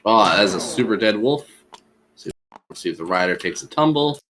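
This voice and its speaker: A man running a tabletop game as game master, narrating the action in a lively way. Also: on the low side, normal speed, background noise.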